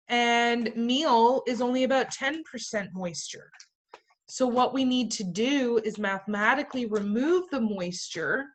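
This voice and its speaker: A woman's voice: fairly high pitch, a bit bright. A woman teaching a class in a playful way, firing questions at her students and tossing in jokey asides. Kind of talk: classroom lecture.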